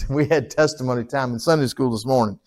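A middle-aged man, preaching a folksy sermon that calls out to the congregation, dropping low and rising to loud exhortation. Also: fairly quick. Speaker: pastor.

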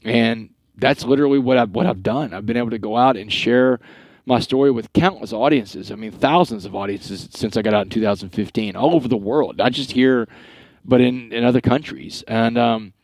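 A middle-aged man from Texas, a guest telling his life story in an earnest, animated way with quoted dialogue. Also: medium pitch, fairly quick, no room sound. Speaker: guest speaker. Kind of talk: storytelling interview.

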